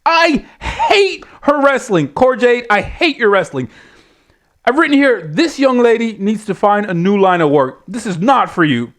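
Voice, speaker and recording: A man's voice: sits high, lively intonation, normal speed. A man reviewing a wrestling show in a blunt, exasperated rant full of swearing. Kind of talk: profane ranting review.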